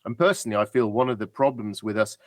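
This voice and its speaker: A man's voice: fairly low pitch, expressive, fast talker, no echo. A British man, a guest on a podcast, telling stories in a reflective, polite and chatty way. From Britain. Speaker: guest adventurer. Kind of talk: casual podcast interview.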